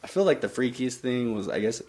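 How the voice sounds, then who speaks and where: A man's voice: mid-range voice, animated, a little fast, darkish tone. A man chatting casually as a podcast guest, laid-back, swearing often and trailing off mid-thought.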